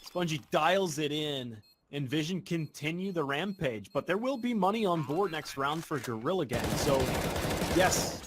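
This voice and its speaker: Excitable male esports play-by-play caster. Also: a little high, moderate pace, noisy background. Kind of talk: play-by-play commentary.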